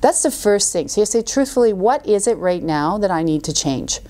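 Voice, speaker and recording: A middle-aged woman talking as a podcast guest, an animated storyteller who acts out quoted voices. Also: medium pitch, normal speed. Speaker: guest coach. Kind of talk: podcast interview.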